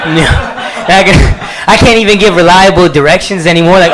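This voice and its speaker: A man's voice: high-pitched, brisk, fairly bright tone. Chatty man telling a story on stage. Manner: loose and chatty, laughing through the story. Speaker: comedian. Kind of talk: live stand-up storytelling. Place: small cafe stage. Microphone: handheld stage mic.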